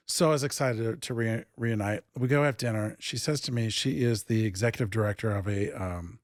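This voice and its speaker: A man who founded an improv theatre, telling stories in a casual interview and acting out the dialogue with lively jumps in pitch. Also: fairly quick, dry recording, clean studio sound. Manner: animated, acts out quoted dialogue with big pitch jumps.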